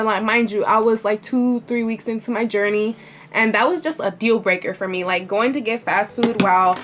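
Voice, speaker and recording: A woman's voice: medium pitch, a bit bright. A young woman vlogger telling her story in a rambling, candid way, filling her talk with "like" and swearing freely. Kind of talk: casual get-ready-with-me storytelling.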